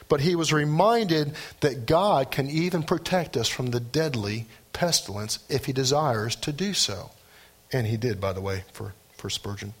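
A man preaching a sermon, animated, with his voice rising and dropping for emphasis. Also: medium pitch, moderate pace, breathy edge. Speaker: pastor.

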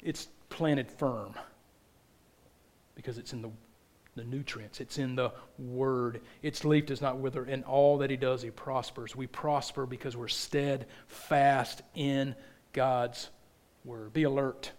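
A man preaching a sermon in a church, earnest and repetitive, often dropping soft at the ends of phrases. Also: mid-range voice, fairly even intonation, slow pace. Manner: earnest, repeats phrases for emphasis, drops soft at line ends.

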